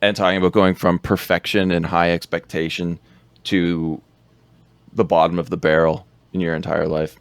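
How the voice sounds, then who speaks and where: A man's voice: deep voice, little pitch movement, normal speed, clear, resonant tone, no echo. A man co-hosting a podcast, rambling through a film recap in casual chat, laughing often.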